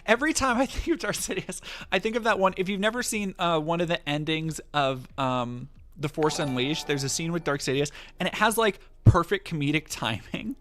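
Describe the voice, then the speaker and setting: A man streaming live commentary, ranting in an animated, sarcastic way. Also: a little high, a little fast, few pauses.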